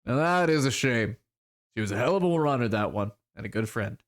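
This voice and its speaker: A man's voice: mid-range voice, animated, brisk, close to an everyday voice. Man doing a weary old troll. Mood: grim. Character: old weary male troll with prosthetic legs. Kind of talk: reading game dialogue aloud.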